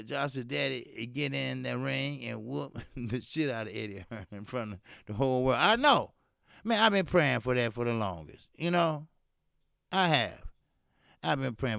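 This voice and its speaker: Gravelly man ranting about boxing. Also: fairly high pitch, a bit bright, dry recording, clean studio sound. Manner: fiery, repetitive ranting with profanity. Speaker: boxing talk show host. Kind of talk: live-stream commentary, reading chat.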